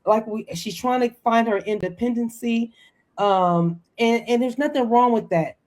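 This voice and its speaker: A woman hosting a casual chat recapping a reality show, animated and quick to act out quotes. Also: fairly high pitch. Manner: animated, acts out quotes, laughs often. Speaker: host.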